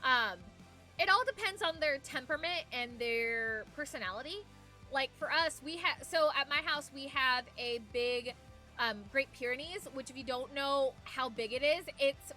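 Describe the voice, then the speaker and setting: Bright, high-voiced chatty woman streamer. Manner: chatty, rambling, reads viewer messages aloud. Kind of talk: casual chat with viewers. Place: home. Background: faint background music.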